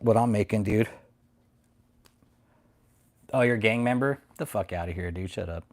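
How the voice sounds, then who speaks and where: A man's voice: lowish voice, normal speed, pauses often. A man hosting a livestream, ranting at his critics and reading chat in a profane, mocking, confrontational way. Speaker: livestream host. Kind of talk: casual livestream rant.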